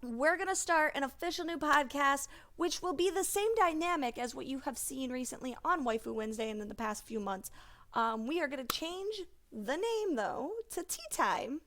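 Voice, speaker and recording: High-voiced woman chatting animatedly. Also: moderate pace. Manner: animated, acts out quoted exchanges in character voices. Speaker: podcast co-host. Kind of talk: casual chat.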